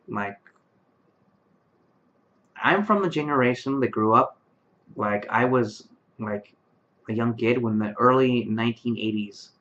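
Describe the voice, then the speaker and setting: A man's voice: medium pitch, fairly bright tone. A man in his late twenties, tired late at night, talking to camera in his bedroom with lots of fillers and restarts. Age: late 20s. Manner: rambling, many fillers and restarts. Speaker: vlogger. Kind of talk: casual talk to camera. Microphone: webcam microphone. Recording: dull lo-fi webcam sound.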